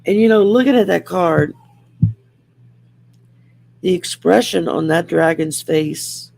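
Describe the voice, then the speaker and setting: A woman's voice: lowish voice, slow pace, gravelly, darkish tone. A woman with a Southern accent hosting a casual livestream, reading oracle cards in a folksy, rambling way with many fillers. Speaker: host doing oracle card readings. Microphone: home setup by a window.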